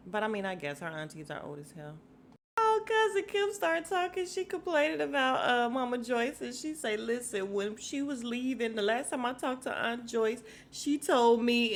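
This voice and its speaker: Chatty woman recapping TV. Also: slight background noise. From Chicago. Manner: chatty, laughing, quoting others in bursts of high pitch. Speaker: podcast host. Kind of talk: casual reality TV recap.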